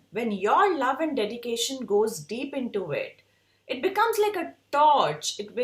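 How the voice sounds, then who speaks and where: A woman's voice: on the high side, a bit bright, roomy sound. A woman with an Indian English accent giving an earnest, emphatic motivational talk to design students as an educator.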